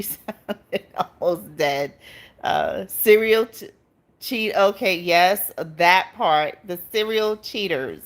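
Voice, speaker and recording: A woman hosting a casual livestream, chatting with her viewers, reading out their comments and laughing often. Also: on the low side. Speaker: livestream host.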